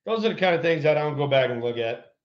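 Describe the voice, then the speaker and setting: Profane ex-ballplayer telling stories, lo-fi. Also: male voice, fairly high pitch, fast talker. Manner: relaxed, profane, colorful anecdotes. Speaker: former pro baseball player, podcast co-host. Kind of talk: casual sports chat and storytelling.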